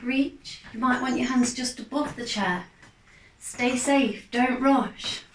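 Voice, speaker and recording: A woman, a fitness instructor, calmly guiding a gentle exercise class with steady, encouraging cues. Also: fairly high pitch, slight background noise. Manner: calm, encouraging, unhurried cues. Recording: echoey room, mic far off.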